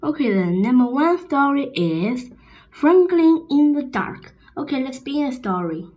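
A woman reading a picture book aloud to children in a gentle storytelling manner. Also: sits high, sing-song, measured pace, rough recording.

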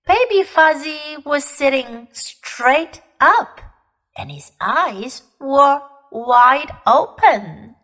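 A woman English teacher reads a bedtime story at a gentle, unhurried pace. Her high voice rises and falls expressively to bring the story to life. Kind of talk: bilingual bedtime story reading.

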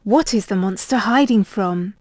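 A woman asking children reading comprehension questions in a slow, careful, instructive way. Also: mid-range voice, a little mellow, no room sound, clean studio sound.

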